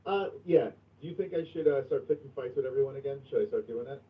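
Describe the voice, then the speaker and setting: A man hosting a livestream in casual chat, crude and profane, going from mumbling to loud outbursts. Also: medium pitch, fast, recorded from a distance. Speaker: livestream host. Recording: tinny phone-like sound from off mic.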